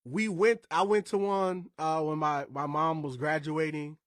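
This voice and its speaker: Male podcast host from Indiana, casual and emphatic, slightly high voice, dry studio sound. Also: steady tone, a little slow, fairly bright tone, no echo. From Indiana, USA. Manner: emphatic, conversational, wandering asides.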